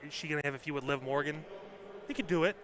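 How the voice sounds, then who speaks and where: A man's voice: fairly high pitch, rapid-fire, fairly bright tone. A man co-hosting a wrestling podcast in casual chat, blunt and swearing freely. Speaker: podcast co-host.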